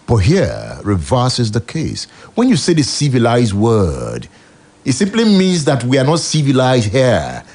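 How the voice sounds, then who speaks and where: A Nigerian-accented male radio host with a gravelly, husky voice, speaking slowly and with deliberate weight. His pitch swings widely, rising and falling sharply as he preaches, and a faint music bed plays under him. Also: darkish tone. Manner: preachy, emphatic, rhetorical questions. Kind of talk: opinionated radio commentary.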